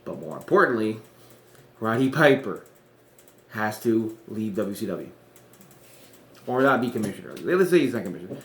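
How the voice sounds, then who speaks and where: A man's voice: on the low side, expressive, normal speed, long pauses, fairly bright tone, slight background noise. Rambling man in a roomy echo. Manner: rambling, self-correcting, chuckling asides. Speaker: wrestling podcaster. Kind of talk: casual fantasy-booking chat.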